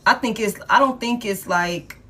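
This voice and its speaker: A woman's voice: fairly high pitch, moderate pace. Blunt, profane woman tarot reader. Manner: blunt, profane, animated street talk. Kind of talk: live tarot reading.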